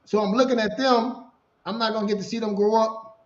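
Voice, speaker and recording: A middle-aged man telling a personal story in casual conversation, animated and repeating himself as he talks. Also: sits high, brisk. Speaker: podcast co-host sharing his story. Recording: roomy, dull lo-fi sound.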